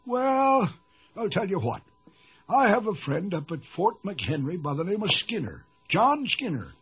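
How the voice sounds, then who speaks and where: A man playing a kindly, courteous gentleman doctor, gentle and reassuring. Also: high voice, sing-song, unhurried, slightly rough, faint music behind, exaggerated voice. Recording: dull lo-fi audio.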